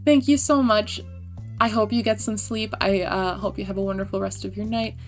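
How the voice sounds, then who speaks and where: A woman's voice: mid-range voice, steady tone, normal speed, soft background music. A young woman livestreaming a farming video game, chatting casually with viewers, laughing and swearing offhandedly. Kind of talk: casual gameplay chat.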